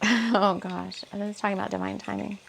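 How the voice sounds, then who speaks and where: A woman's voice: mid-range voice, flat delivery, a little fast, creaky, husky. A woman who is an author doing an intuitive spiritual reading, thinking aloud with many asides while she reads from her book.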